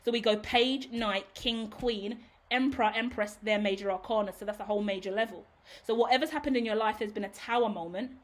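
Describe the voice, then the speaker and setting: A woman's voice: mid-range voice, fairly quick. A woman doing a casual tarot reading to camera. She rambles and reassures, talks straight to the viewer, swears casually and laughs at her own tangents. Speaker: tarot reader.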